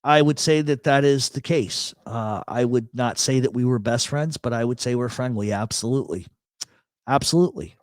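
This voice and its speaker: A man's voice: mid-range voice, moderate pace, dry recording. A man from New York hosting a casual livestream chat, blunt and joking, swearing freely, on an expensive studio mic run through a voice processor. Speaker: host. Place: home studio.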